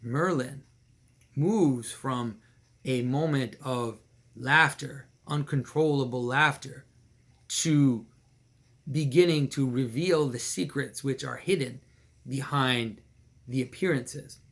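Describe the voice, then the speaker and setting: A man retelling an old legend in a casual, animated way, repeating phrases and chuckling now and then. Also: medium pitch, slow. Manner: animated, repetitive, with small laughs and restarts. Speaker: storyteller and commentator.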